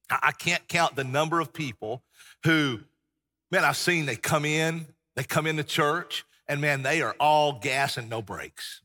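Passionate middle-aged pastor. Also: male voice, a little high, pushed and bright. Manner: passionate, folksy, emphatic preaching. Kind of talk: sermon. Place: church sanctuary. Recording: long church-hall reverb.

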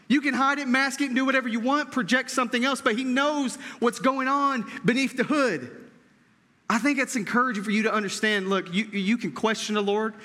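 A man's voice: very high voice, sharp tone, long reverb tail. A man preaching a sermon as pastor, earnest, with frequent restarts and rhetorical questions.

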